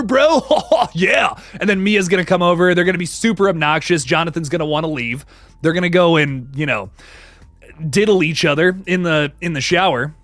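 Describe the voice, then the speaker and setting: A man's voice: on the high side, fairly bright tone, no room sound. A man hosting a casual livestream, chatty and laughing often as he greets viewers in the chat. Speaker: livestream host.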